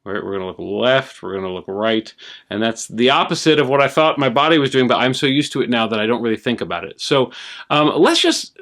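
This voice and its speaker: A man's voice: mid-range voice, lively intonation, fairly quick, fairly bright tone. A man hosting a puppetry tutorial, explaining technique in an encouraging, conversational way. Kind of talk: casual instructional talk.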